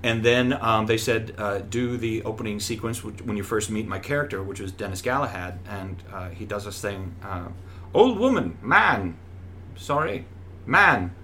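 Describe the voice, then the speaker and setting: A man's voice: moderate pace, hardly any pauses, slight background noise. A middle-aged man, a stage actor, chatting in an interview and acting out the voices of people in his stories. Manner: animated storyteller who acts out voices with big pitch jumps. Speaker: Broadway actor, guest. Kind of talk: casual interview chat.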